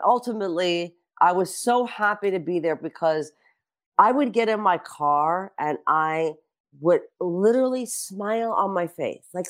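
Woman, 50s, casual chat, animated storyteller, swears freely. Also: mid-range voice. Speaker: celebrity guest.

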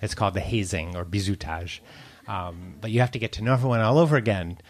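Speaking fast in a lowish voice, this U.S. food writer wanders through his answers as an interview guest, peppering them with "like" and "um" and laughing frequently in a chatty way.

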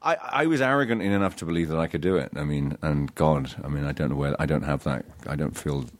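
Brief: very low, deep male actor, stop-start interview talk, self-deprecating. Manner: halting, many restarts and fillers, self-deprecating. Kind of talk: casual interview chat.

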